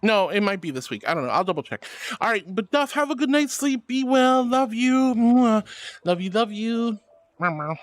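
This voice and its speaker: A man's voice: very high voice, lively intonation, normal speed, no echo. A man streaming as a VTuber in casual chat, reading viewer messages aloud and greeting people affectionately with pet names. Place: VRChat stream.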